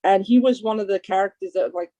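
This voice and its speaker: A woman's voice: medium pitch, fast, dark tone, muffled recording. A woman co-hosting a podcast in casual chat, eagerly telling stories and jumping in with additions. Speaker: podcast co-host.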